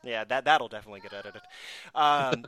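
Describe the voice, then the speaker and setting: A man's voice: mid-range voice, a little fast, pushed and bright. A man hosting a casual podcast chat, snarky and self-mocking as he talks. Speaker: podcast host.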